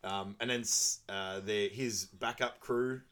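A young man talks through a film scene by scene in a relaxed podcast chat. His voice sits a little low, and he laughs easily. He drops into quick impressions of the characters. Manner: laughs often, quotes characters in high put-on voices. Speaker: podcast co-host. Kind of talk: casual film recap chat.

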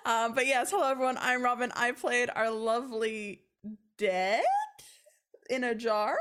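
A woman who plays in a tabletop game talks loosely with her group, her voice sitting a little high. She stumbles, repeats herself and breaks into laughs often. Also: a bit bright. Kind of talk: casual chat.

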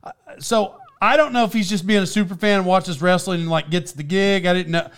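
High-voiced man telling an animated story. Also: brisk, clear, resonant tone. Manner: animated storytelling, shouting impressions of an excited fan. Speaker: storyteller in a casual chat. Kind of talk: casual chat.

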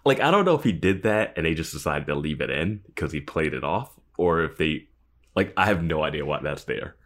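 Casting note: very deep male co-host, laid-back and chatty. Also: fairly quick. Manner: relaxed, filler-heavy musing with laughs. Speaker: podcast co-host. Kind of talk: casual chat.

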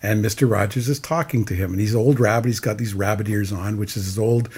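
A man's voice: lowish voice, steady tone, quick pace, darkish tone, breathy edge. A man co-hosting a podcast, earnestly retelling film scenes in a casual discussion. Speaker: podcast co-host.

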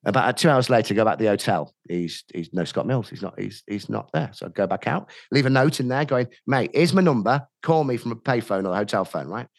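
A middle-aged man spins a rowdy anecdote with a wide, swooping pitch range, acting out each voice in turn. His voice sits close and dry on a studio mic, with no room sound around it. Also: brisk, gravelly, few pauses, dry recording. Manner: animated, acts out quoted dialogue with laughs. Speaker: podcast guest, radio DJ. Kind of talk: anecdotal storytelling.

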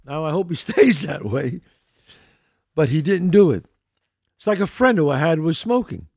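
A man's voice: on the high side, big pitch swings, moderate pace, a little mellow, slightly rough, dry recording, clean studio sound. A man hosting a show, talking emphatically in a motivational monologue and acting out the voices he quotes. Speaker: podcast host.

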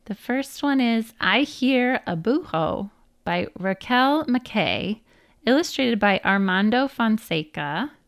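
A woman reads a children's book aloud at an unhurried pace, careful over each word. She stops to spell out unfamiliar names. The sound is close and dry, with no room echo. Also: fairly high pitch, clear, resonant tone. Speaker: storyteller.

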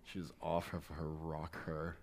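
A man's voice: rumbling low, completely flat delivery, measured pace, slight background noise. A man from New hosting a casual podcast chat, asking many curious follow-up questions. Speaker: podcast host.

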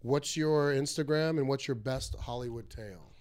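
Animated middle-aged comedian host. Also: male voice, mid-range voice, normal speed. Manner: animated storyteller, acts out quotes. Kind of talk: casual storytelling chat.

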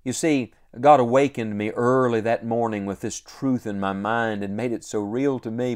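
Earnest preacher man, slow emphatic phrasing. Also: mid-range voice, steady tone, a little mellow. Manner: earnest, emphatic repetition with slow drawn-out endings. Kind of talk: devotional sermon.

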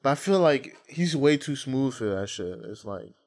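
Laid-back young man telling animated stories. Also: mid-range voice, normal speed. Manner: laughs easily, animated storyteller, crude slang. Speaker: podcast host. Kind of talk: casual chat.

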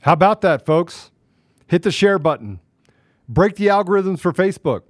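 Man, heated political talk, angry and emphatic, high-pitched, dry close sound. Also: lively intonation, moderate pace, no echo. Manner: angry and emphatic, swings from loud to low. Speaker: podcast co-host.

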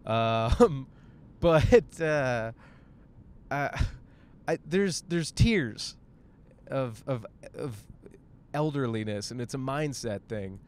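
A man's voice: medium pitch, a little hiss or hum. A man hosts a casual podcast monologue from his car, rambling, joking and swearing freely. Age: 30s. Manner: rambling, profane, jokey. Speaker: podcast host. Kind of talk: casual monologue while driving.

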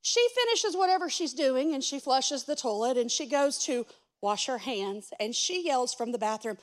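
A woman pastor gives a sermon in a very high voice. She tells a funny story with animated, self-mocking energy, acting out each person's lines. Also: moderate pace.

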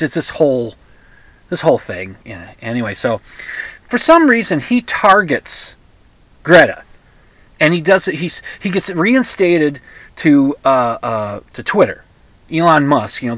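Older man rambling with lively pitch. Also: unhurried, no echo. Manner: rambling, sarcastic, with many restarts and asides. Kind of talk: casual monologue.

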